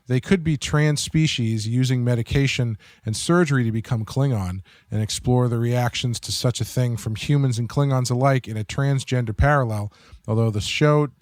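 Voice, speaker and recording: A man co-hosting a podcast in casual chat, thinking aloud with halting fillers. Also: medium pitch, a little mellow, no room sound, studio quality. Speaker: podcast co-host.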